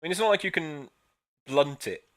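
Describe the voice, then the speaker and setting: A man's voice: fairly high pitch, animated, a little fast. A man playing a tabletop game, sarcastic and swearing freely. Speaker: player. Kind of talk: casual chat during a tabletop game.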